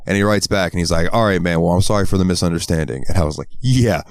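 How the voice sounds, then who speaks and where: This man, a Southern American podcast co-host, tells stories in rapid-fire fashion with a low voice and clean tone, swearing often and raising his voice to act out quotes in casual chat. The studio-quality recording has no room sound.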